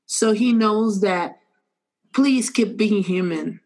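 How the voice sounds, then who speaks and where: A woman's voice: mid-range voice, slow, rough recording. Earnest storyteller woman with an accent. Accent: non-native English. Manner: animated storytelling, warm and earnest. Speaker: podcast co-host. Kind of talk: casual chat.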